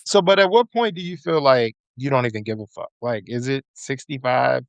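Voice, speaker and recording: A man in casual podcast chat, spinning slangy, profane stories at a middling pitch. His voice has a gravelly, fried edge. The sound is dry and close, with no room around it. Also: normal speed, dry recording. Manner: loose, profane storytelling with slang. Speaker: podcast guest.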